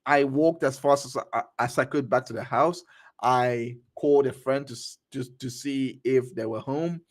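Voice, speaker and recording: A man's voice: mid-range voice, moderate pace. A man reading court transcripts aloud for his show, stumbling over lines and adding his own asides. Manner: reads all parts aloud, stumbling and restarting, with asides. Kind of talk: cold read of a transcript with commentary.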